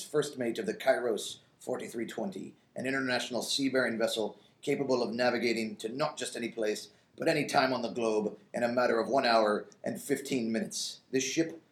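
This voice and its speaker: A man's voice: medium pitch, natural voice. A male student putting on a swaggering pirate first mate in a class podcast, with hammy pirate talk. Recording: roomy echo.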